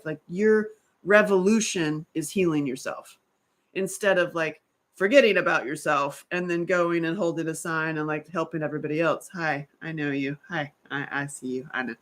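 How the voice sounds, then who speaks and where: A woman talking casually to her viewers about healing, rambling and animated, often breaking off mid-sentence. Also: lowish voice. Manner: rambling, animated, self-interrupting. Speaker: author and survivor advocate. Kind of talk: casual livestream talk.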